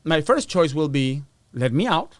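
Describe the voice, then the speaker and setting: A man's voice: a little high, very animated, moderate pace, no room sound. A middle-aged man, a podcast guest, telling a story in a casual, profane way, acting out the voices of people he quotes. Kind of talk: storytelling interview.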